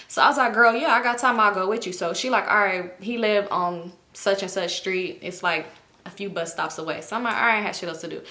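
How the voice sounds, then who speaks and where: A young vlogger from the Los Angeles area tells a gossipy storytime in a bright, pushed, mid-range voice. She acts out the quoted dialogue and swears freely.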